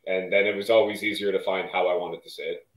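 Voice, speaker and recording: Low-voiced man in a roomy echo. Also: quick pace. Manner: relaxed, thoughtful. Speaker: voice actor guest. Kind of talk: casual interview answer.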